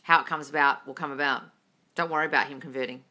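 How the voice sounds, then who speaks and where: Woman coach, slight British lilt, blunt and profane, low voice, bright edge. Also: steady tone, quick pace. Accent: slight British intonation. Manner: blunt and sweary, reads chat questions aloud. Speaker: manifesting coach answering live chat questions. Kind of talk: casual live Q&A.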